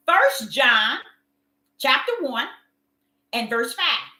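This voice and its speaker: Woman preacher, impassioned and repetitive, with a bright, lively voice in an echoey room. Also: sits high, very slow, pauses often. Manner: impassioned, repetitive, addresses listeners as y'all. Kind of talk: sermon.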